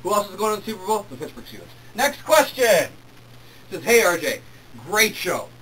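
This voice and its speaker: A young man hosting his own sports talk show, reading emails and ranting excitedly about football. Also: sits high, quick pace, a little hiss or hum. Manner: excitable, worked up when ranting. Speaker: host. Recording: distant mic with faint room ambience.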